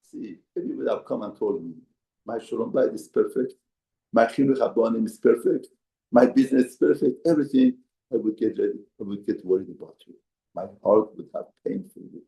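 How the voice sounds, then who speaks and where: A man's voice: fairly quick, creaky, warm tone. A man, a rabbi, giving an emphatic mussar lesson in a study hall. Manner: emphatic, acts out quoted voices with raised pitch. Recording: echoey room.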